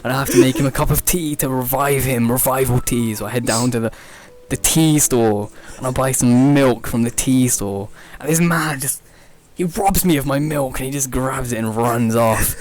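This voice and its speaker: A young man hosting a podcast, rambling through an improvised absurd comedy story, often laughing at his own jokes and leaping up in pitch when he quotes people. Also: moderate pace, hardly any pauses, a little mellow. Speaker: podcast host.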